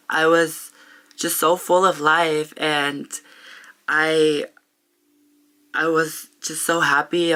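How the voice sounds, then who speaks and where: A young woman talking to camera in a personal vlog, heartfelt and open, halting often with pauses and restarts. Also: low-pitched, sharp tone. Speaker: vlogger. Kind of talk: reflective personal vlog talk.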